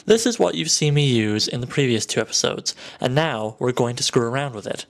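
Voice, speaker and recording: Man, mid-pitched voice, dry humor, self-mocking, explaining to camera. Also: animated, a little fast, creaky. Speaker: video blogger. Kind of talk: wry explanatory talk to camera.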